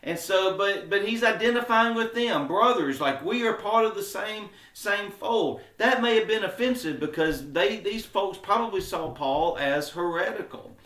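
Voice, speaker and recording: A man's voice: high voice, lively intonation, normal speed, few pauses, fairly bright tone. A man teaching a conversational Bible study, explaining informally with fillers and acting out quotes with sarcasm. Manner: acts out quoted speech with sarcasm. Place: church classroom. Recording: roomy echo.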